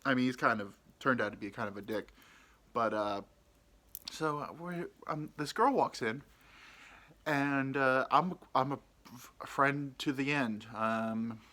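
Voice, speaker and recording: A young man rambles through a crude bar story on his podcast, mocking himself as he goes. His voice is bright and forceful, and he keeps stopping for ums and uhs. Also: medium pitch, fairly even intonation, a little slow. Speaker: podcast host. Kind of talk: casual storytelling.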